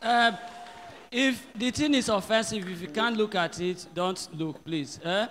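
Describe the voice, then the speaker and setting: A male pastor leading a church service, giving directions and then stirring the congregation with shouts. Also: high voice, unhurried, long reverb tail. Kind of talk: sermon. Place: church hall.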